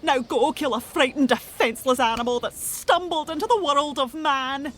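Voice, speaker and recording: A woman playing a bossy Scottish cartoon wife, thick Scottish accent, high-pitched, deadpan. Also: normal speed, slight background noise, natural voice. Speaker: cartoon character in a played clip.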